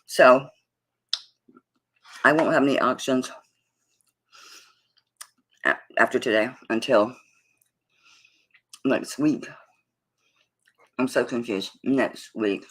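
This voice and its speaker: A woman's voice: extremely low pitch, takes it slowly, long pauses, a bit bright, breathy edge. A middle-aged woman hosting a live-stream auction, out of breath and chatting in a flustered, rambling way. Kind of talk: casual live-stream chat.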